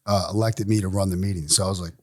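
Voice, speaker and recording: A man in his forties with a somewhat low voice tells a hard personal story as a guest on a podcast. He is blunt and swears freely. He brings the story to life by acting out what other people said. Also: very fast. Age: 40s. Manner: blunt, profane, animated storyteller; acts out other people's lines in quoted voices. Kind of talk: candid recovery storytelling.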